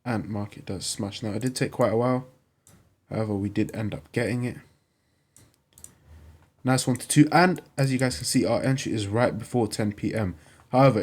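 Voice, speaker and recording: A man's voice: on the low side, a little mellow, slightly rough. A young man hosting a trading channel, talking through a screen-recorded tutorial in a plain, repetitive, instructive way.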